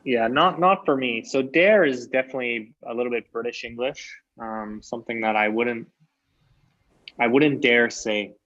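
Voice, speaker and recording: A man teaching English grammar in a relaxed, chatty way, full of fillers and restarts. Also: medium pitch, moderate pace. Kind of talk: casual teaching chat. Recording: dull lo-fi sound.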